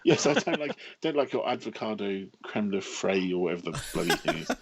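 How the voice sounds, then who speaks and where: A man in his fifties from England, a writer talking as a podcast guest, telling wry, self-mocking stories in an animated way. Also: lowish voice, a little fast, creaky, noisy background. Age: 50s. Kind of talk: casual podcast chat.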